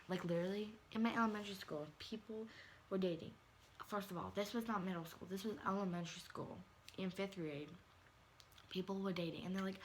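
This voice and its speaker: A woman's voice: medium pitch, brisk, low-quality recording. Teenage girl, vlog rant, exasperated, sassy, phone recording, faint hiss behind. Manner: sassy, exasperated, full of "like" and "honey". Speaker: vlogger. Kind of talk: ranting to camera. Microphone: phone or webcam.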